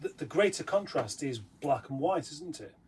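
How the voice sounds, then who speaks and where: A man's voice: a little high, lively intonation, normal speed, darkish tone, slightly rough. A man co-hosting a casual live stream who teases his partner and rambles through his explanations. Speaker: co-host.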